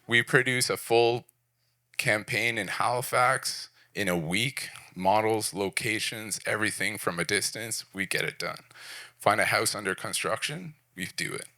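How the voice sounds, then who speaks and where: A man's voice: on the low side, unhurried, sharp tone, no echo, clean studio sound. A man in his forties from Prince Edward Island, Canada, giving a candid, self-deprecating talk at a design event in short punchy phrases. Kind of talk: personal storytelling talk. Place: event venue.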